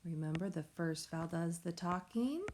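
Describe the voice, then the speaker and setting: A woman teacher giving a recorded phonics lesson to young children, explaining slowly and patiently in a sing-song way. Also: fairly low pitch, a little mellow, slight background noise. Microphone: tablet or device mic.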